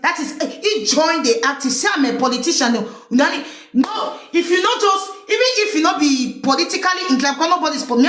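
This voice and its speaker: A woman's voice: high-pitched, a bit bright, reverberant, a little hiss or hum. A woman with a Cameroonian Pidgin English accent, hosting a livestream of casual political commentary and firing rhetorical questions at her listeners. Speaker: livestream host.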